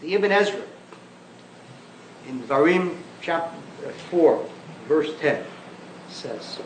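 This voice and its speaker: A man's voice: high-pitched, a little hiss or hum. A man, a rabbi, giving an impassioned public lecture with emphatic, mocking delivery and rhetorical questions. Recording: echoey archival lecture recording.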